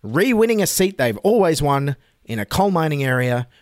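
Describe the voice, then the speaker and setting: A man's voice: a little high, big pitch swings, normal speed, no echo, clean studio sound. An Australian man hosting a satirical news show, delivering sarcastic, mock-outraged commentary.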